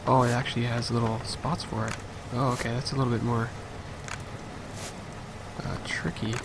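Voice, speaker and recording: Gravelly man narrating his gameplay. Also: medium pitch, little pitch movement, normal speed, noisy background. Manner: chatty, thinking aloud, mock outrage. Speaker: let's play commentator. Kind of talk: casual gameplay commentary. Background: game music.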